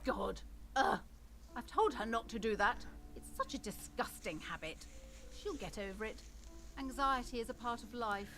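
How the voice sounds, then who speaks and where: A woman's voice: fairly high pitch, expressive, moderate pace, fairly bright tone. An actress voicing a fussy, proud female bookstore owner in a game, with a prim, pushy, sing-song manner. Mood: curt. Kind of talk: game voice acting.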